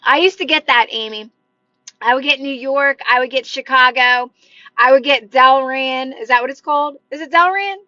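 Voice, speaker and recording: A woman's voice: high-pitched, moderate pace, bright, forceful tone, dry recording, dull audio. A woman hosting a livestream as a manifestation coach, chatting casually and encouragingly with viewers, with lots of "like" fillers. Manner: chatty and encouraging, many "like" fillers, talks with her hands. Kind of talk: casual livestream chat answering viewer comments. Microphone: phone livestream mic.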